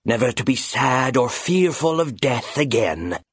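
A man voicing a sinister, ancient male phantom bird in an audiobook, speaking slowly and temptingly. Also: mid-range voice, sing-song, husky, no room sound, pitched above the performer's own voice. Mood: sinister coaxing. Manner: slow, silky, tempting. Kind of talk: audiobook character voice.

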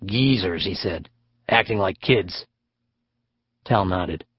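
A man narrating an audiobook in a steady, measured reading. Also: sits low, slightly rough, no room sound, lo-fi sound. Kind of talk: scripted narration.

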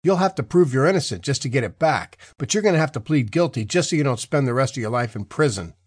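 A man's voice: mid-range voice, expressive, quick pace, breathy edge, no echo, clean studio sound. A man voicing a sneering, bullying male cop who taunts and curses in an audiobook. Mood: taunting. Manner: taunting, crude.

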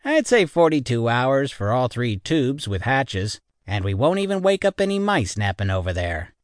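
A man voicing a gruff, laconic male tunnel boss in an audiobook, speaking slowly and bluntly. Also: mid-range voice, very animated, no room sound, clean studio sound, close to an everyday voice.

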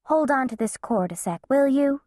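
A woman's voice: high voice, animated, moderate pace, a little mellow, no room sound, studio quality, voice pushed up. A woman voicing a stern, exasperated mother who speaks in a firm, pointed way. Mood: busy.

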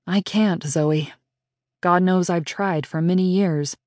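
A woman voicing a soft-spoken, stoic male killer who talks almost with pity. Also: on the low side, steady tone, takes it slowly, dry recording, studio quality. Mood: calm.

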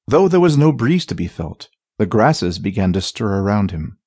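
A man narrating a fantasy audiobook in a dramatic, expressive reading. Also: fairly low pitch, normal speed, husky, dry recording.

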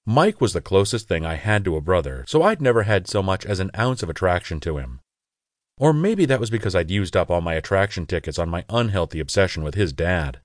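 A man's voice: deep voice, sing-song, a little fast, no room sound. A man reading a first-person audiobook in an intimate, confessional way, on a close studio mic. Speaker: audiobook narrator.

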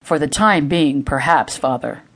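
A woman's voice: low voice, unhurried, fairly bright tone, exaggerated voice. A woman voicing a stern, firm young nobleman.

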